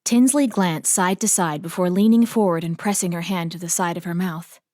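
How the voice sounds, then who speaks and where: A woman narrating an audiobook in a steady storytelling manner. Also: on the low side, normal speed. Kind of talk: scripted narration.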